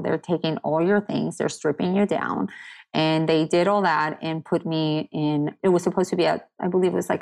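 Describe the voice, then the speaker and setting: Woman guest, low voice, candid, earnest storytelling, quotes people a lot. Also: creaky, a little mellow. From United States. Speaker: podcast guest. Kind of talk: personal story in casual conversation.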